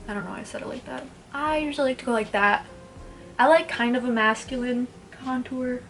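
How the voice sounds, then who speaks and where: Her voice is fairly high and fairly bright, moving at a fairly quick clip, with a little hiss or hum underneath. She's a beauty vlogger in her twenties, doing her makeup at home in a casual get-ready-with-me chat, rambling, blunt and swearing freely.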